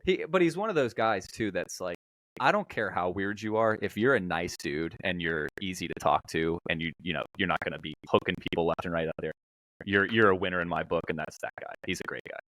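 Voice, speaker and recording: A man's voice: deep voice, brisk, fairly bright tone, no echo, poor audio. A man, a pro player and guest co-host, chatting on a podcast with enthusiastic, upbeat praise. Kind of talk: casual podcast chat.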